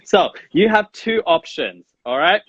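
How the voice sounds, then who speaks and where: A man's voice: high-pitched, animated, measured pace, a bit bright, slightly rough, dry recording, muffled recording. A man hosting a podcast interview with Indian English speech, who sets playful challenges and counts down in an upbeat, teasing way. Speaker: podcast host.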